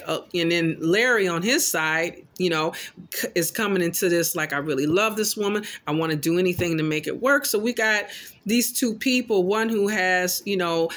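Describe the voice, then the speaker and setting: A man casually recapping a horror film in an animated, loosely paraphrasing storytelling way. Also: sits high. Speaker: film commentator.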